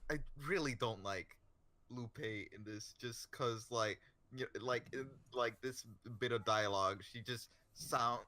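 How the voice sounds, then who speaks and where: A man co-hosting a podcast in casual chat, speaking haltingly with many fillers. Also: medium pitch, pushed and bright. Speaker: podcast co-host.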